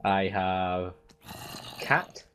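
A man's voice: deep voice, very slow, a bit bright. A young man co-playing a game, laid-back, with dry teasing remarks, over a noisy voice-chat mic. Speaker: co-player. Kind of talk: casual gameplay chat.

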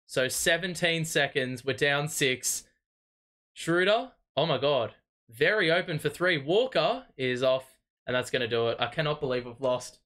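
A young man hosting a live fan watch party, calling the plays as an excitable, exasperated fan who swears freely. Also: a little high, a little slow. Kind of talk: live fan play-by-play commentary.

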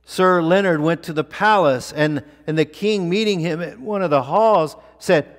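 A male pastor preaching a sermon in a church, with deliberate, emphatic delivery and repeated phrases for weight. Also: on the high side, in a large hall. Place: church sanctuary.

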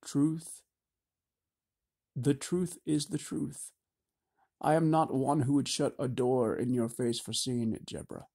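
A kindly old wizard talks in a calm, measured way, reassuring and grandfatherly, as a male audiobook reader plays him. The voice sits close to the reader's own, low-key and mellow in tone. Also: creaky. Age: older. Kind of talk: audiobook character voice.

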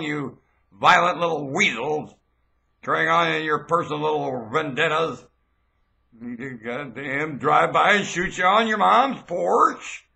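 A man's voice: a little high, creaky, sharp tone. A man rambling through proclamations into a webcam, spelling out words as he goes. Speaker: vlogger.

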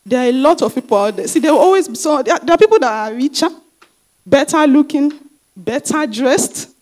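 A woman's voice: high-pitched, animated, fairly quick, a little mellow. A woman pastor preaching a sermon, repeating her key phrases for emphasis and asking the congregation rhetorical questions.

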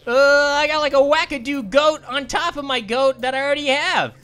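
A woman giving excitable, giggly let's play commentary, often apologizing to game characters. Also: high-pitched, moderate pace, faint music behind. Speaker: gaming channel host.

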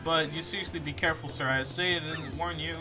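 A man voicing a polite boat sailor in a higher, formal voice. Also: fairly even intonation, fast talker, over loud music, natural voice. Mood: courteous. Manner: courteous, formal, keeps saying sir.

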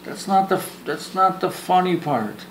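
A man whose voice sits high, with lively intonation and a measured pace, vlogs his end of a phone chat. He jokes, meanders, restarts and repeats words, and pokes fun at himself. Slight background noise and faint ambience come through in a roomy setting.

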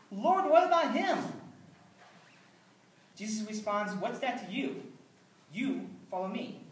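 A man's voice: high voice, a little hiss or hum. Man preaching from far off in a roomy church. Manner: earnest conversational preaching with dry asides. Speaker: pastor. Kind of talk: sermon. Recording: roomy, distant mic, faint ambience.

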